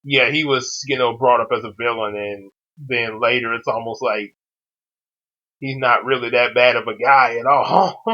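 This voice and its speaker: A man's voice: mid-range voice, unhurried. A man hosting a casual chat, talking hesitantly with lots of "uh" and "um" fillers. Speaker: host. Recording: dull lo-fi audio.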